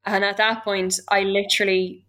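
A woman's voice: mid-range voice, little pitch movement, normal speed, a bit bright. A young Irish woman giving a candid, emotional personal account.

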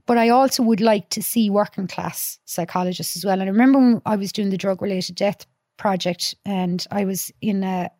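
A woman's voice: medium pitch, brisk, hardly any pauses, no room sound, clean studio sound. A woman with a Dublin accent, a podcast guest and youth worker, chatting casually and telling stories with acted-out quotes and blunt swearing. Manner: lively storyteller, acts out quotes, swears freely. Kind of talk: casual chat.

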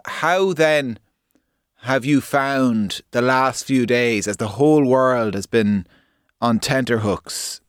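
A man hosting a broadcast interview, asking gentle questions that stumble at the start. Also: medium pitch, no room sound, clean studio sound. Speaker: interview host.

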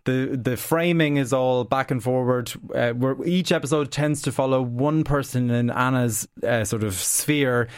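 A man's voice: mid-range voice, unhurried, hardly any pauses, smooth, no echo, studio quality. Opinionated man reviewing TV. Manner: opinionated, with frequent restarts. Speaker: TV critic guest. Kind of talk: casual radio chat reviewing TV.

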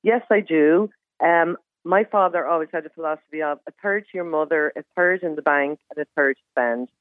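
Brisk woman on a phone line. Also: low-pitched, no echo. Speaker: caller. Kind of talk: phone-in chat.

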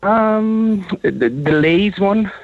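A man's voice: sits high, expressive, very slow, no room sound, narrow, tinny audio. A Dutch man calling in to a radio show, friendly and agreeable, often repeating his words. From Netherlands. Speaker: caller. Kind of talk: casual phone-in chat. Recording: faint music behind the call.

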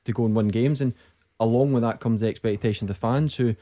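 A man, a football captain, speaking as a guest in a radio studio, talking fast with repeated words. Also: mid-range voice, mellow. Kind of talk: casual studio chat.

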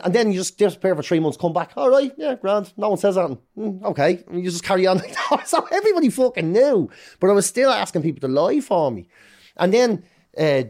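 A middle-aged Irish man talking as a podcast guest, telling his story candidly in a fast, swearing, self-interrupting way. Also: mid-range voice. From Ireland.

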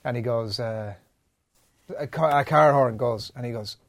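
A middle-aged Irish man co-hosting a podcast, telling an animated family story and laughing often. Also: mid-range voice, measured pace, no echo. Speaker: podcast co-host. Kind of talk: casual chat, storytelling.

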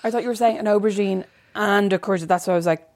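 A woman's voice: medium pitch, fairly even intonation, fast talker, darkish tone, no echo, clean studio sound. A woman from Ireland co-hosting a casual podcast chat in a teasing, playful way. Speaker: podcast co-host.

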